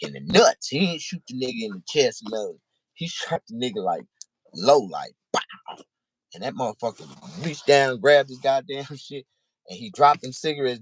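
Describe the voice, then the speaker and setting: A man telling a personal story in casual, profane speech, halting and repeating himself. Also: mid-range voice, husky.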